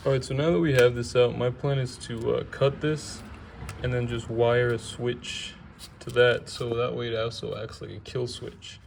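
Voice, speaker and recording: Gravelly-voiced man explaining car work. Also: mid-range voice, moderate pace, background noise. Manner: relaxed, chatty, explaining step by step. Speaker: car restoration hobbyist vlogger. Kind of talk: casual how-to narration while working on a car.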